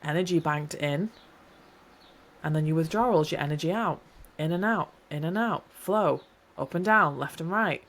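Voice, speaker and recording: A woman with a slightly low voice talks through her thoughts on a solo podcast. She rambles warmly and encourages the listener, restarting sentences as she goes. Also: moderate pace. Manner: rambling, encouraging, self-correcting. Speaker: podcast host. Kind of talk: reflective solo podcast talk.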